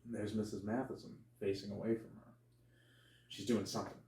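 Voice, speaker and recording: A man co-hosting a podcast, chatting casually about a movie and acting out scenes with sudden high yelps. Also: brisk. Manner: animated retelling, acts out characters with sudden high yelps, swears freely. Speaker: podcast co-host. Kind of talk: casual movie review chat. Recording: echoey room.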